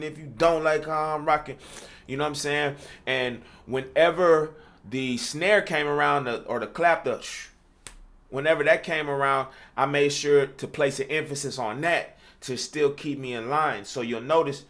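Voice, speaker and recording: A rap coach with a fairly high, steady, fairly bright voice explains at a normal pace how he writes his verses. It's a casual tutorial, loose and chatty, packed with "you know what I'm saying" and broken up by rapped examples.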